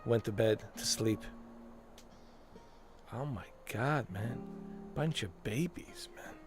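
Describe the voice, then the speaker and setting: Dude streaming games, easygoing and jokey, unhurried talk, quiet guitar music behind. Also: male voice, fairly low pitch. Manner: loose, joking, laughs a lot. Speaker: game streamer. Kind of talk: casual gameplay commentary.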